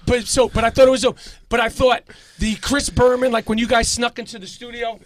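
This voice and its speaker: A man's voice: extremely high pitch, little pitch movement, brisk, dry recording. A middle-aged man with a New York accent, a podcast guest talking bluntly and profanely in rambling bursts. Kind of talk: casual podcast chat.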